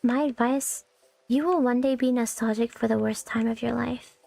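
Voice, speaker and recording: Gravelly-voiced young woman streamer, chatty. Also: on the high side, fairly even intonation, moderate pace, mellow, no room sound. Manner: candid, rambling, swears freely. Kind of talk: casual stream chat. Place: home streaming setup. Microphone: new condenser mic on a stand. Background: faint background music.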